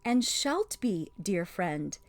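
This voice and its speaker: A woman voicing a sweet-voiced witch queen who speaks softly, soothing and half-mocking. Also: mid-range voice, sing-song, unhurried, dry recording. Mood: coaxing.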